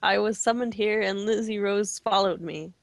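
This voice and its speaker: A woman's voice: mid-range voice, normal speed, gravelly, no echo, lightly acted. A woman reading the part of a dazed young mother in a plain, hesitant way. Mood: puzzled.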